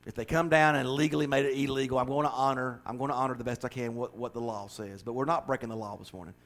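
A middle-aged man preaching a folksy, joking sermon that swells into fervent, loud passages. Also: medium pitch, fairly even intonation, fast talker. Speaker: pastor.

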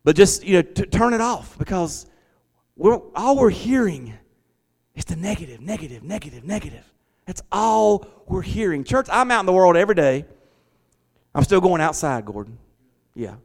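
A middle-aged man, preaching a lively, conversational sermon from a church hall. He repeats his words and talks back to the congregation. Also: high voice, normal speed. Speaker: pastor. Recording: long church hall reverb.

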